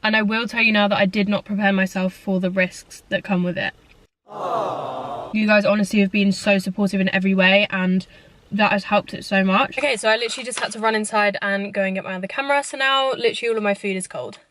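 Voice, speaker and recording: A woman's voice: mid-range voice, steady tone, quick pace, a bit bright, slight background noise. A young woman chats casually to camera from her parked car while eating. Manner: chatty, eating while talking. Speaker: YouTuber.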